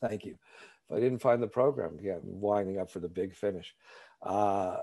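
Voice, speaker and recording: A man's voice: low voice, moderate pace, gravelly, dark tone, breathy edge. A man sharing his personal story at a recovery support meeting, candid and conversational, often repeating words as he gathers his thoughts.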